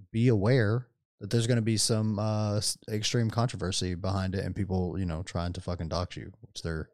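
A man with a somewhat low voice co-hosts a casual gaming podcast. He rants with animation and swears constantly. The sound is dry and close. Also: a little mellow, dry recording. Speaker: podcast co-host. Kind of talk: casual chat.

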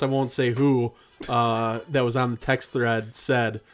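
A man's voice: mid-range voice, little pitch movement, unhurried. A man from Wisconsin hosting a podcast in casual chat, joking around and swearing freely. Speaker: podcast host.

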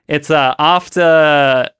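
A man's voice: a little high, a bit bright, smooth, no echo, clean studio sound. A man co-hosting a podcast, chatting casually about comics and laughing often. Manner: chatty, laughs often, reads panels aloud. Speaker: podcast co-host.

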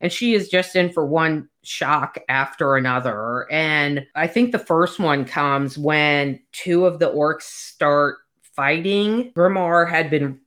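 A woman's voice: sits low, takes it slowly. A woman co-hosting a casual book podcast, telling stories and acting out the dialogue. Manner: animated storyteller, acts out dialogue. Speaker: podcast co-host.

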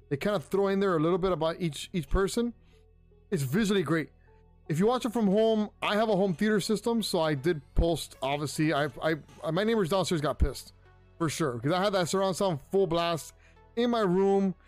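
High-voiced man rambling through a review. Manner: rambling, repeats words, many ums. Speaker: pop culture show host. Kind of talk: casual solo review talk. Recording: faint music underneath.

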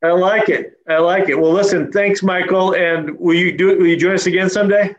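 A man's voice: high voice, fairly even intonation, a little fast, highs cut off. A man hosting a podcast interview, talking in a casual, rambling way with many fillers and restarts. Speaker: podcast host.

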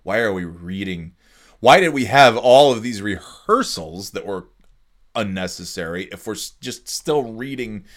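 A man's voice: fairly low pitch, animated, unhurried, fairly bright tone. A man hosting a casual solo podcast, sleepy and yawning, ranting sarcastically with plenty of swearing. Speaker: podcast host.

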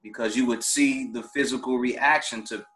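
A man's voice: medium pitch, steady tone, moderate pace, a bit bright. A man in a laid-back casual chat over a remote call, often repeating himself and saying "you know what I mean.".

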